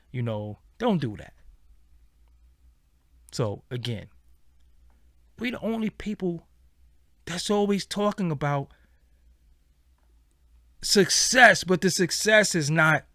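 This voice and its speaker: A man's voice: fairly high pitch, a little slow, pauses often, no room sound, studio quality. A man hosting his own show, talking blunt and profane in a casual commentary monologue. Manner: blunt, profane, animated storytelling. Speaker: show host.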